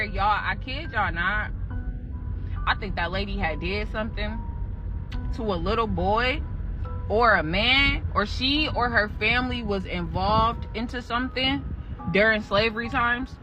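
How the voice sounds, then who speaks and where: A woman's voice: fairly high pitch, lively intonation, a little slow, pauses often. A young woman animatedly telling a scary true story about her job, cursing and talking straight to the listeners. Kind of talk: casual spoken storytelling. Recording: muffled audio with music underneath.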